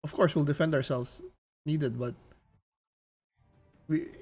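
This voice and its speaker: Halting player, planning. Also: male voice, on the high side, steady tone, a little mellow, breathy edge. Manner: halting, restarting, eager planner. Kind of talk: tabletop role-play, in and out of character.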